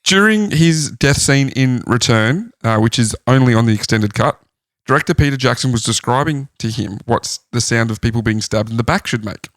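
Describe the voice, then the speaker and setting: A man with a middle-pitched voice leads a casual podcast chat, relaying facts in a relaxed tone. The sound is dry and close, with no room echo. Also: brisk. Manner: relaxed retelling of researched facts. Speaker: podcast host.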